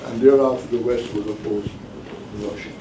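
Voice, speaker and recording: A man giving a classroom lecture as the professor leading a course, talking deliberately and emphatically and repeating his key points. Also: lowish voice, steady tone, noisy background. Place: bookstore cafe classroom. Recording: echoey room, mic at a distance.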